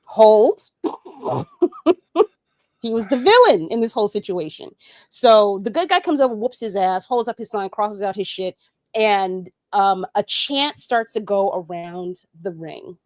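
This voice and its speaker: A woman's voice: mid-range voice, expressive, measured pace, darkish tone, no room sound, clean studio sound. A woman guest on a podcast, ranting in a heated, profane and emphatic way during a casual talk.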